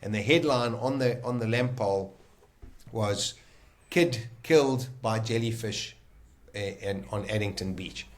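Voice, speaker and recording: A man's voice: on the low side, a little slow. South African man telling a vivid story. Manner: vivid, acts out his own inner voices, swings loud and soft. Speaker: guest telling his survival story. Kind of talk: animated storytelling.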